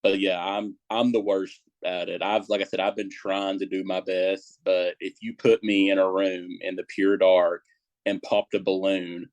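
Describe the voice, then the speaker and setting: A man with a low, deep voice talks in a loose, rambling way, full of fillers and nervous asides. He's a paranormal investigator on a casual podcast. The sound is dry and close, with no room around it. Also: level tone, moderate pace, a little mellow, no room sound.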